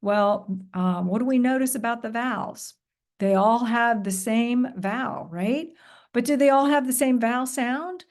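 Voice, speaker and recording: A woman's voice: fairly high pitch, a little slow, darkish tone. Woman modeling a vocabulary lesson. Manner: models classroom call-and-response, patient and encouraging. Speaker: teacher trainer. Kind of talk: professional development presentation. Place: recorded presentation.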